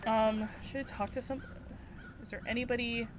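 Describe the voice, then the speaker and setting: A woman's voice: fairly high pitch, steady tone, moderate pace, background noise. A woman streamer giving casual gameplay commentary, muttering to herself, swearing and thinking aloud in scattered bursts.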